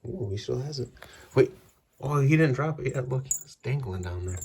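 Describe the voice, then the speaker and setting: A man's voice: mid-range voice, expressive, measured pace, vocal fry, pauses often, a little mellow, husky. A man talking baby talk to his cat at home, cooing in a raised sing-song voice while he films it playing. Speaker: pet owner filming his cat. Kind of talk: casual baby talk to a pet. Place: home indoors.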